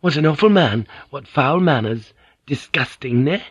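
A man's voice: mid-range voice, animated, moderate pace, slightly rough, no room sound, muffled recording, pitched above the performer's own voice. A man reading an audiobook and voicing a haughty, squeamish young noblewoman of nineteen. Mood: disgusted. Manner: disdainful and scornful.

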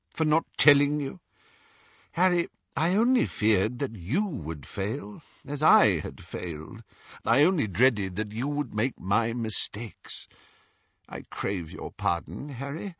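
A man reading the part of an old, remorseful male wizard mentor who speaks softly and haltingly. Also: medium pitch, sing-song, husky, dry recording, highs cut off, heavily acted. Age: older. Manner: soft, halting, confessional.

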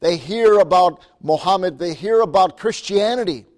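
Lively preacher man telling stories. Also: high-pitched, moderate pace. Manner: lively, laughs often, calls for amens. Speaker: missionary preacher. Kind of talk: sermon storytelling.

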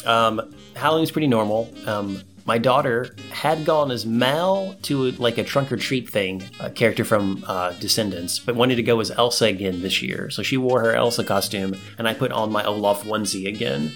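A middle-aged man co-hosting a casual chat, telling stories in an animated way, swearing often and acting out quotes in higher voices. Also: moderate pace, faint music behind. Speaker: podcast co-host.

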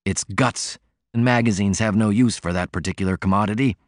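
A man's voice: on the low side, a little fast, no room sound, clean studio sound, lightly acted. A man voicing a sickly, sardonic man with a mocking, cutting way of talking.

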